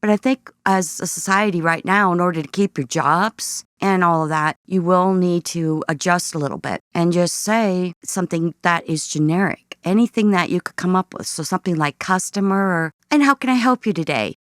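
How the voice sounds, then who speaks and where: A woman's voice: lowish voice, fairly even intonation, moderate pace, few pauses, clear, resonant tone, no echo, clean studio sound. A woman talking casually to viewers, giving earnest, slightly weary advice about work. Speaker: vlogger.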